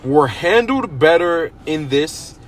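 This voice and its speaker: A man's voice: a little high, lively intonation, slow pace. A young man co-hosting a podcast in casual chat, agreeable and stressing words for emphasis. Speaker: podcast co-host.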